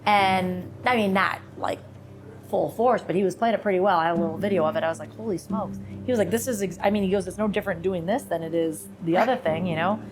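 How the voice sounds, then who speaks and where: A woman from Toledo, Ohio, talking as a podcast guest, telling stories with lively acted-out quotes. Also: fairly low pitch, fast, over music. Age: adult, sings since her mid-twenties. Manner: animated storyteller, acts out quoted voices. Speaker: podcast guest, singer and lawyer. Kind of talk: casual interview chat.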